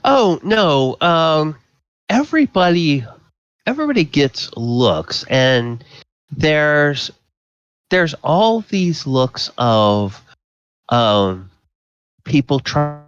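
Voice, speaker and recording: A man running a tabletop game as dungeon master, narrating slowly with many ums and uhs. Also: fairly high pitch, sing-song, smooth, no room sound, lo-fi sound. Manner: slow, filler-heavy descriptive narration.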